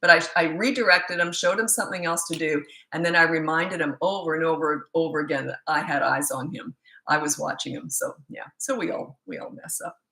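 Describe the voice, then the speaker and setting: Woman parenting coach, casual live Q&A, bright tone, animated storyteller, echoey room. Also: low voice, a little fast, vocal fry. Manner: animated storyteller, laughs often.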